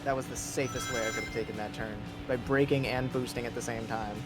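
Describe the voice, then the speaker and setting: A man's voice: medium pitch, steady tone, fast talker, loud music behind the voice. A man chatting casually and rambling as he streams a racing game, laughing often. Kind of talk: casual gaming chat.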